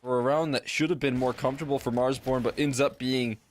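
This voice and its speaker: A man giving relaxed, explanatory colour commentary on an esports match. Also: mid-range voice, brisk.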